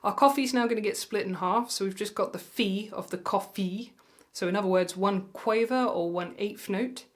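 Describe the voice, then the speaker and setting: A woman teaching mandolin, patient and reassuring, counting beats aloud slowly. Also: medium pitch. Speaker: music tutor. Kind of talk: mandolin lesson. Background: mandolin playing.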